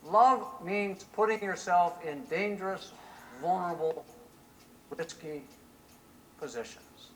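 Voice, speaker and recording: Animated preacher asking his church questions. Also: sits high, slow, long pauses, slight background noise, poor audio. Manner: animated, asks the congregation rhetorical questions. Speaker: pastor. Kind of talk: sermon.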